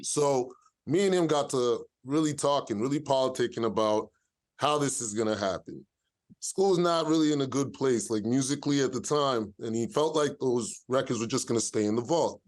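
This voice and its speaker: A man speaking as an interview guest, telling a story in a steady middle-pitched voice. He is measured at first and livens up as the story goes on. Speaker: rapper guest.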